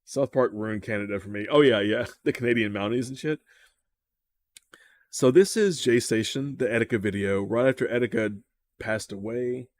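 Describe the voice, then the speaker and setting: A man's voice: medium pitch, normal speed. A man hosting casual reaction commentary, swearing freely and stammering over repeated words. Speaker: commentary host.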